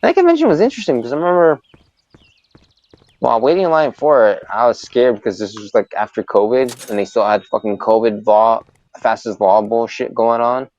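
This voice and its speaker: A man's voice: mid-range voice, expressive, brisk, darkish tone, dull audio. A male streamer telling a story in a casual, profane, exasperated rant. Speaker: live streamer. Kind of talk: casual storytelling while gaming.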